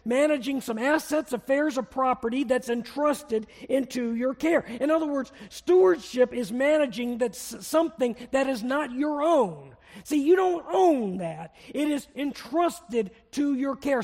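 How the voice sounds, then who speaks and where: A man's voice: extremely high pitch, darkish tone. A man preaching a sermon as pastor, repeating his key phrases and leading the congregation in reading aloud. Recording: long reverb of a hall.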